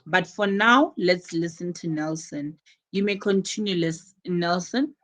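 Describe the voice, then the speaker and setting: A woman teaching an English class, slow and encouraging, often repeating her words. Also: lowish voice, fairly bright tone, poor audio.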